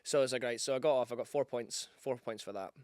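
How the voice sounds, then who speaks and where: Man, podcast guest, rapid, energetic storyteller, mimics others' voices, dry mic. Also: mid-range voice, dry recording. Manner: energetic rambling storyteller, swears freely; acts out other people's lines in quick voices. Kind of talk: casual chat.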